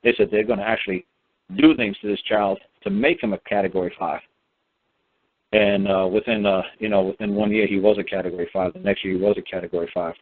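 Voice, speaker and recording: Brief: man calling in, low voice, rambling, swears freely, dry tinny phone line. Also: expressive, quick pace, creaky. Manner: rambling and profane, many fillers and restarts. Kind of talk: casual spoken storytelling.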